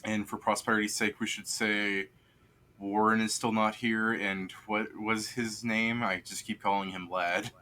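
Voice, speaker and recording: A man runs a tabletop game and narrates casually. He rambles and hesitates, filling gaps with sounds. His voice is low and bright-edged. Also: flat delivery, a little slow. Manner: rambling, hesitant, many fillers. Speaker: game master.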